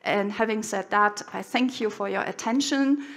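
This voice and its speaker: A middle-aged woman giving an expert conference presentation in measured, earnest, slightly nonnative English. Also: mid-range voice, fairly bright tone. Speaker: conference speaker.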